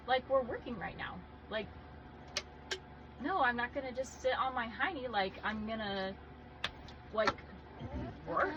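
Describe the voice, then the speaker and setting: A woman in casual chat on a podcast, telling animated stories and laughing often. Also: a little high, normal speed, pauses often. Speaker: podcast guest. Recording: dull lo-fi sound with clear background noise.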